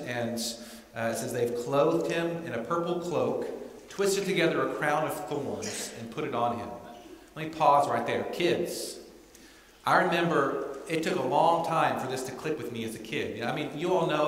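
Male pastor, mid-pitched, preaching a chatty sermon in a reverberant sanctuary. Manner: conversational, often asks "right?". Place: church sanctuary. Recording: echoey church hall.

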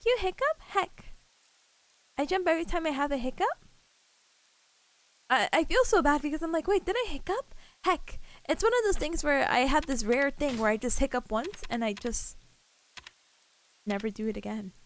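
A bubbly woman streamer with a very high voice that swoops up and down as she plays and chats with her viewers. Her talk is casual and giggly. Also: expressive, moderate pace, pauses often. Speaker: VTuber streamer. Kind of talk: casual gameplay stream chat.

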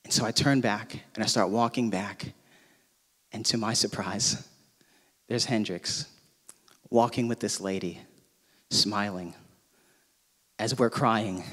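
Pastor from Hawaii, ringing hall reverb. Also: male voice, on the low side, slow, long pauses. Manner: animated storyteller, casual with frequent fillers. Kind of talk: sermon with personal storytelling. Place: church auditorium. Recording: long reverb from a large hall.

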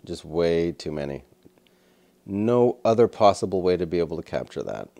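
A man's voice: sits low, expressive, normal speed, creaky, dark tone. A man, a wildlife photographer, casually talking through his photos and camera settings in a rambling, easygoing way with plenty of fillers. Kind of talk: casual commentary over photos.

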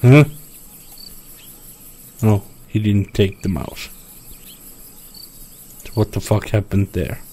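A man's voice: on the low side, slow pace, pauses often, mellow, a little hiss or hum. A man commentating his own gameplay, talking to himself, frustrated and swearing often. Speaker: gameplay streamer. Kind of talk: let's play commentary.

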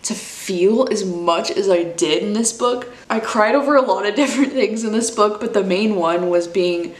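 A woman's voice: mid-range voice, normal speed, reverberant. A woman in her twenties chatting casually as a book vlogger, gushing and emotional, full of "like" and "dude". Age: 20s. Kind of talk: casual chat.

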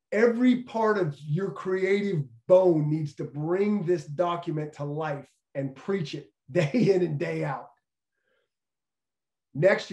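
Middle-aged man, former coach, speaking to a room about leadership: earnest and emphatic, fairly high voice, roomy echo. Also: darkish tone. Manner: earnest, repeats key phrases for emphasis. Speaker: former football coach giving a leadership talk. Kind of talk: motivational leadership talk. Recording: echoey room.

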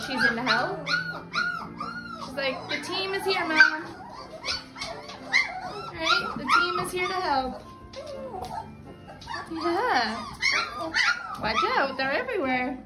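Slow, giggly woman cooing at puppies. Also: high voice. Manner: chatty, giggly, coos baby talk to puppies. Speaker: dog breeder vlogger. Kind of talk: casual home vlog narration. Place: warm room at home with puppies. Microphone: handheld camera. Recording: echoey room with music underneath.

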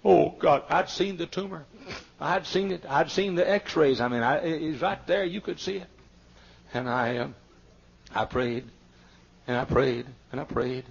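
An older man with a Southern American accent preaches a sermon, telling a story in hushed tones before rising to shouted peaks. His voice is husky and rough. The recording is a muffled, lo-fi archival tape. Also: fairly high pitch, lively intonation, measured pace, pauses often. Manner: storytelling preacher who swings from hushed asides to shouting climaxes. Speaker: pastor.

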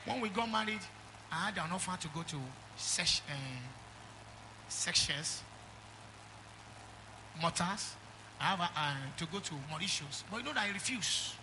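Man, Nigerian accent, middle-aged, pastor's sermon, emphatic call-and-response, high-pitched. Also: lively intonation, moderate pace, long pauses, noisy background.

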